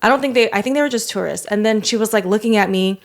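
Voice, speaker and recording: A woman's voice: medium pitch, very fast, vocal fry. A young adult woman hosting a podcast, telling a long story in casual chat, full of fillers. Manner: rambling storyteller, filler-heavy with many "like"s. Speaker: podcast host.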